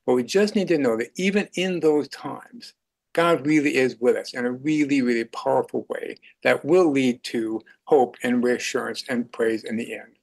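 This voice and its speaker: A man's voice: mid-range voice, moderate pace, creaky, a little mellow. An older man speaking as a radio guest in an earnest faith conversation, chuckling now and then.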